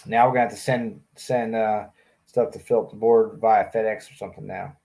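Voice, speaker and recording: A man's voice: fairly low pitch, fairly even intonation, fairly quick, vocal fry, dark tone. A man hosting a livestream in a small room, casually reading out viewer comments and joking around. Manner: joking, chatty, often laughing. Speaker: livestream host. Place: small hot room indoors.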